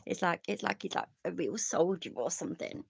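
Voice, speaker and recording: A woman's voice: on the low side, animated, a little fast, gravelly, slightly rough, dry recording. An English woman hosting a casual reaction show, rambling, swearing often and laughing a lot. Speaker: host.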